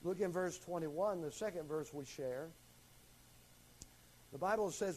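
A middle-aged man preaching and teaching, reading scripture slowly with strong emphasis and shifts in volume. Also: on the high side, a little mellow, slight background noise, poor audio. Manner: emphatic, varies volume and slows for stress on scripture. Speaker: pastor teaching a class. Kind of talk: sermon teaching.

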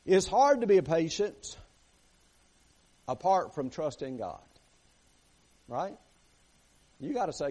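A man's voice: a little high, big pitch swings, slow, long pauses, dark tone. A man preaching a sermon as pastor, emphatic and repetitive, often checking in with the congregation. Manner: emphatic, repeats phrases, asks "right?" and "amen?" of the congregation.

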